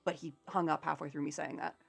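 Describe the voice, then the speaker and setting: Animated young woman streamer telling a story. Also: low-pitched, quick pace, vocal fry, breathy edge, faint music behind. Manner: animated, swearing, sarcastic retelling. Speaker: livestreamer. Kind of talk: casual storytelling to chat.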